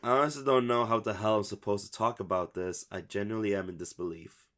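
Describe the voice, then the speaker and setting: A man's voice: on the low side, fairly even intonation, quick pace, fairly bright tone. A man co-hosting a casual podcast, chatting, laughing often, swearing casually and reading a story aloud. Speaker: podcast co-host.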